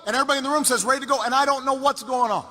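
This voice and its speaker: A man's voice: extremely high pitch, steady tone, pushed and bright. Man telling a story in an echoing hall. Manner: anecdotal, repeats phrases for emphasis, halting restarts. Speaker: political speaker. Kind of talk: storytelling campaign speech. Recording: reverberant hall with background noise.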